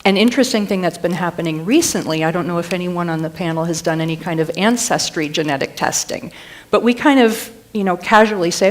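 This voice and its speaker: Chatty woman panelist, lower voice. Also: fast. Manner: relaxed, chatty, with "you know" asides. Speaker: genetics panelist. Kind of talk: conversational panel discussion.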